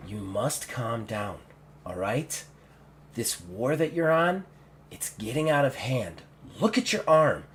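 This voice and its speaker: A man voicing a soft-spoken pleading wife. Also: mid-range voice, sing-song, fairly quick. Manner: softer, pleading.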